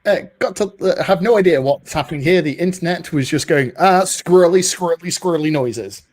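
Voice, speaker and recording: A man's voice: on the high side, brisk, darkish tone. A man hosting an online tech meetup over a video call, playful and self-mocking. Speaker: meetup host. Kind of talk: casual event hosting.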